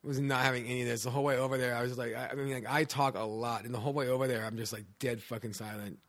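A man's voice: medium pitch, steady tone, very fast, a bit bright. A young man, a podcast guest, telling stories casually with lots of fillers. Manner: rambling, filler-heavy. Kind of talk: casual storytelling chat.

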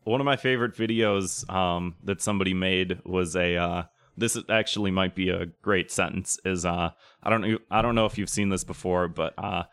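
Deep-voiced male podcast co-host, dry close mic, rambling and profane. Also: steady tone, moderate pace, few pauses, a bit bright, clean tone, no echo. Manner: rambling, heavy filler words, swears. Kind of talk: casual chat.

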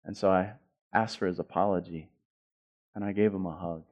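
Middle-aged man, pastor, sermon delivery; animated storyteller, stumbles and repeats words, big swings between loud and soft. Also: low voice, moderate pace, muffled recording.

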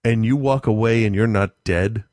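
A man chatting casually, swearing freely and telling stories with dark humor and frequent laughter. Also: on the low side, moderate pace, no echo, studio quality. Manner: profane, darkly joking, laughs often. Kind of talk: casual chat.

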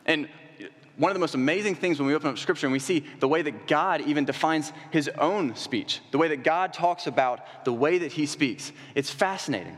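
With a slightly high, fairly bright voice and lively intonation, this young adult coordinator preaches fairly quickly to his church congregation. Rhetorical questions lead to emphatic peaks, and the sanctuary adds long hall reverb.

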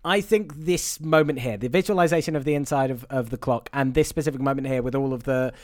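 A man's voice: medium pitch, fast talker. A man co-hosting a podcast, earnestly chiming in and interrupting to add his own points. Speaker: podcast co-host. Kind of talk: casual movie recap chat.

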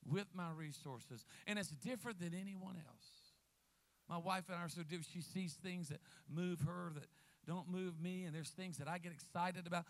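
A man preaching a sermon as a guest pastor, lively, calling out to the congregation. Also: high-pitched, moderate pace, gravelly. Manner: lively preacher, calls out to the crowd.

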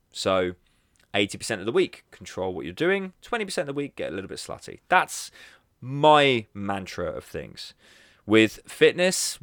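A man's voice: on the low side, a bit bright, dry recording, clean studio sound. A man hosting his own podcast, talking casually and animatedly and laughing at his own slips. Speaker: podcast host. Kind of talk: solo podcast monologue.

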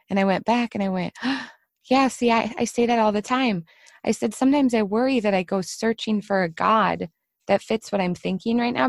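This middle-aged podcast host keeps her conversation casual, relating stories energetically and imitating the voices she quotes. Her pitch is medium, and there's no room sound.

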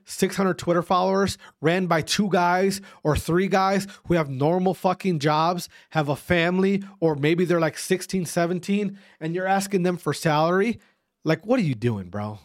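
A man's voice: sits high, moderate pace, dry recording, studio quality. A young man delivering a heated, profane rant to his viewers, lecturing and repeating himself with frequent "all right?" checks. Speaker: esports commentator ranting to viewers.

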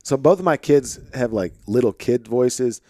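A man hosting a podcast with an Arkansas-tinged Midwestern accent, chatting in a relaxed, rambling way full of fillers, recorded in a home office. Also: medium pitch, normal speed, dry recording, clean studio sound. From St. Louis, Missouri. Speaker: podcast host. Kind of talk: casual conversation.

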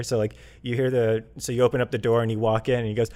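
Male co-host, animated storyteller, casual chat register, voices quotes as he goes. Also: mid-range voice, very fast, hardly any pauses. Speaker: podcast co-host. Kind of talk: casual chat about video games.

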